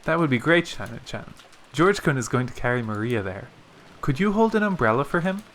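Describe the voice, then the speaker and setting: A man's voice: medium pitch, big pitch swings, brisk, fairly bright tone. A man playing a weary middle-aged mother. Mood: subdued.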